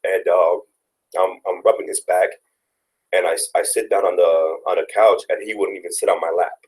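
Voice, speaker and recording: A man's voice: deep voice, fairly even intonation, a little fast, poor audio. A young man, a father, telling personal stories in an earnest, casual interview with many restarts. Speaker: guest, father.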